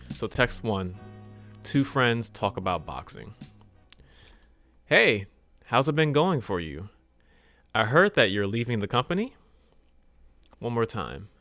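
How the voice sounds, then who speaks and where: Man, lowish voice, casual accent lesson, demonstrates phrases, faint music behind. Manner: demonstrates phrases with exaggerated robotic and smooth readings; relaxed, chatty, laughs at himself. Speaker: English accent teacher.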